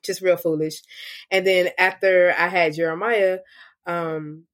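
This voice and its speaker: Candid young woman, fairly low voice. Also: level tone, a little slow. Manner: candid and reflective, with many "like" and "um" fillers. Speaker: interview guest. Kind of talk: personal testimony, casual storytelling.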